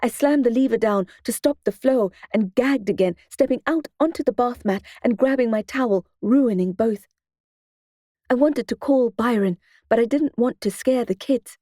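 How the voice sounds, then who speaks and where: A woman narrating a first-person audiobook in a steady, expressive storytelling manner into a close studio mic. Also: on the high side, normal speed, no echo.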